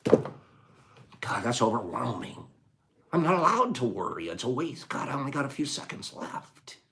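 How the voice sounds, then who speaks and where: An older man hosting a casual talk on a quote, moving between quiet musing and loud rhetorical outbursts in a folksy way. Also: mid-range voice, sing-song, a little slow. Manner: folksy, says gosh darn and dude. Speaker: host.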